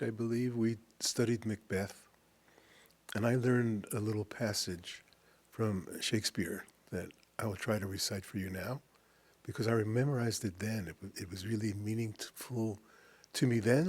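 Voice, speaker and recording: A man giving a reflective spiritual talk, reciting verse slowly and dropping to a hushed whisper at times. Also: lowish voice, husky. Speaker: spiritual teacher.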